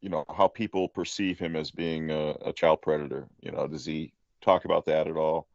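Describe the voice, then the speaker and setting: A man's voice: very deep voice, steady tone, a little fast, vocal fry, no echo. A man hosting a casual interview, asking probing questions with hesitant fillers. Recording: dry, dull lo-fi audio.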